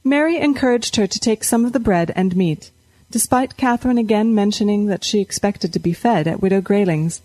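A woman's voice: mid-range voice, fairly quick, warm tone, no room sound. Woman narrating fiction, dry close sound. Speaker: audiobook narrator.

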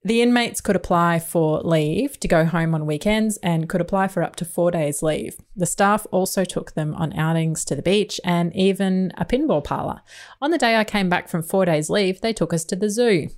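Lady podcaster rambling through her research, lotsa ums, lowish voice. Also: moderate pace, a little mellow. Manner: chatty, researched, lots of ums and asides. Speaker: podcast co-host. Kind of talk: casual chat.

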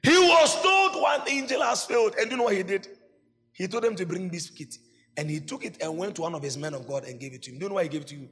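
A man with a Ghanaian accent preaching a sermon, swinging between loud shouts and low asides. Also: racing, in a large hall, faint music behind. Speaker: pastor.

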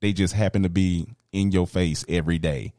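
A man's voice: low voice, steady tone, moderate pace, mellow, dry recording, clean studio sound. A man co-hosting a podcast from a home workshop, talking in a laid-back, slangy way and often adding "you know". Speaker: podcast co-host. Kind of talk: casual podcast chat.

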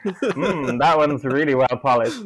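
A man co-hosting a podcast in casual chat, thinking aloud with halting restarts. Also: medium pitch, lively intonation, fairly bright tone, slightly rough, rough recording. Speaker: podcast co-host.

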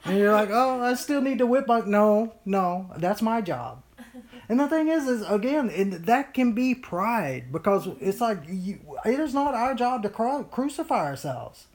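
A Bible study leader teaching informally to a small group, animated, often acting out whiny voices, with many fillers and restarts. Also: medium pitch, unhurried.

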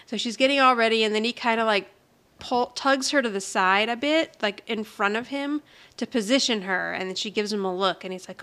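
A woman co-hosting a casual podcast, retelling a TV episode with lively storytelling and acting out the characters' lines. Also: fairly high pitch, normal speed, clear, resonant tone. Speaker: podcast co-host recapping a TV episode. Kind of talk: casual chat.

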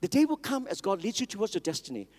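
A man's voice: sits high, very animated, fast talker, a little mellow. A man preaching a sermon, emphatic and repetitive, calling on the congregation to answer back. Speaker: pastor. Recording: long reverb of a large hall.

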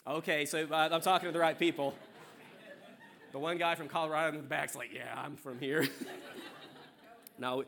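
A man's voice: a little high, steady tone, normal speed, long pauses. A young man from South Carolina with a faint Southern accent, a worship leader preaching a sermon in a church in a chatty, joking way. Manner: warm, chatty, joking with the congregation. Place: church sanctuary.

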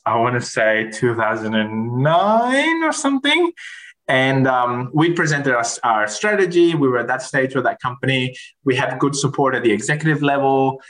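A man's voice: medium pitch, a bit bright, poor audio. Rambling man telling work stories. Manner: rambling, many restarts and "like". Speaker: guest. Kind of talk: casual storytelling interview.

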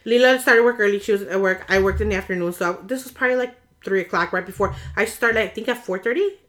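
A woman's voice: mid-range voice, quick pace, fairly bright tone. A young woman telling a story in casual conversation, rambling with restarts and acting out the frantic moments. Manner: rambling with many restarts, acts out screaming quotes.

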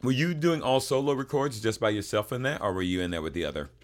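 A man's voice: lowish voice, fast. A man hosting a casual chat, joking playfully and asking the guest questions. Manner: joking, playful, animated storytelling. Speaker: podcast host.

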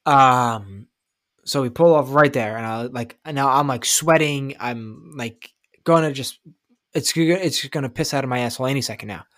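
Male co-host, casual podcast chat, profane and animated, mid-pitched, dry close sound. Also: normal speed, dry recording. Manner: profane, animated, rambling, acts out quotes loudly.

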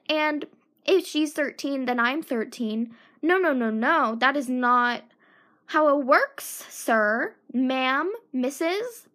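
A woman's voice: sits high, measured pace, fairly bright tone. A teenage girl talking casually in a solo podcast, chatty and self-mocking, turning indignant when riled up.

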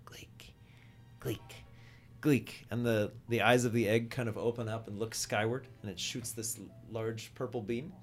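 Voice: mid-range voice, fairly even intonation, normal speed, hardly any pauses, soft background music. A game master narrating a tabletop game in a playful way, sometimes chanting creature noises.

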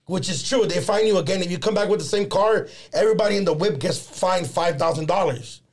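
A young man telling a story with loose, profane energy, his voice a touch higher than most men's. He mixes Spanish slang into casual chat and leans hard into his retelling. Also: a little fast.

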